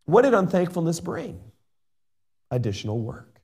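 A middle-aged male pastor delivers an earnest sermon and reads scripture aloud. His voice sits a little high for a man. He moves between loud, emphatic points and quieter asides. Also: big pitch swings, unhurried, gravelly, long pauses, husky.

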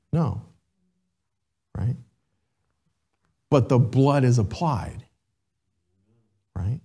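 A man preaching a sermon as pastor, animated and checking in with the congregation with "right?". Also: fairly low pitch, husky.

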